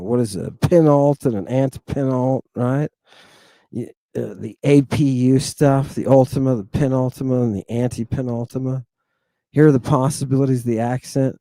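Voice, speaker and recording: Man, teacher, animated casual lesson, mellow voice, dry close recording. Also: mid-range voice, no room sound. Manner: animated, repeats "fantastic" and "right?", addresses listeners as "people". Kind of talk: informal lesson.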